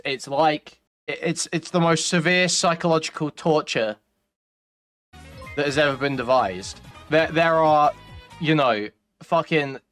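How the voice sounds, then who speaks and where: A man's voice: fairly high pitch, a bit bright. A man doing live-stream reaction commentary, ranting and profane with a sardonic edge.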